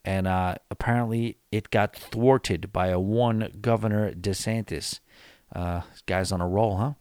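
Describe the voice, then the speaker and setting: Guy podcasting late, tired and yawny, rambling on, kinda low voice, dry sound. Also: fairly even intonation, unhurried, a little mellow, no echo. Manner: rambling, chatty, many fillers and restarts. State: tired, yawning late at night. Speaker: podcast host. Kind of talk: casual solo podcast chat.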